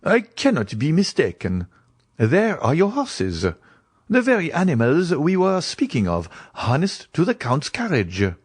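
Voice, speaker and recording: A man voicing an excitable young society gentleman in an audiobook, speaking emphatically. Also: on the high side, measured pace, slightly rough, no room sound, studio quality, voice pushed up, exaggerated voice. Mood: emphatic.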